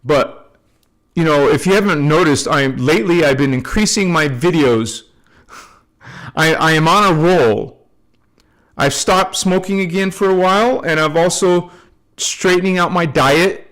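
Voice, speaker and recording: A man hosting a spiritual channel, talking loosely to his viewers and closing with soft blessings and affirmations. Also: on the high side, unhurried. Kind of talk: casual spiritual talk to camera.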